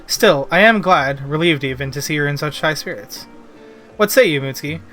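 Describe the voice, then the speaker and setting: A man's voice: on the high side, expressive, a bit bright, faint music behind, voice pushed down. Man reading as an earnest, formal young nobleman. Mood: apologetic. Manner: polite, measured formal speech. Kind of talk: reading game dialogue aloud on stream.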